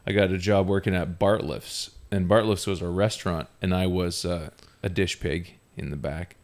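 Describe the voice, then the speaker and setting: Man, low voice, animated and self-mocking podcast storyteller. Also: moderate pace. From Ontario, Canada. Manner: animated, self-mocking, laughs often while telling. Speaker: podcast host. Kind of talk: casual storytelling.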